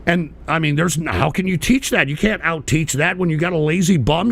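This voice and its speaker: Gravelly, high-pitched ranting man. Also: a little fast. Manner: profane, combative, shouting bursts. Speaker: livestream radio show host. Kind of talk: angry ranting commentary, reading chat.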